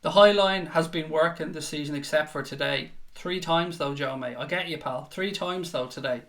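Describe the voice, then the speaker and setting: A man hosting a live football watchalong, commentating in a frustrated, sweary way with bursts of shouting. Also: fairly high pitch, normal speed. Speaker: watchalong host. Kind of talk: live fan reaction commentary.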